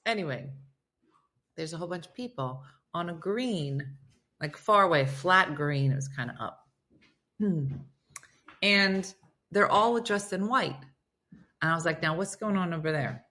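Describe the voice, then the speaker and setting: A woman's voice: on the low side, lively intonation, measured pace, long pauses, sharp tone. A woman hosting a casual live stream, chatting and storytelling as she reads viewer comments aloud and answers them. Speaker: host reading viewer comments.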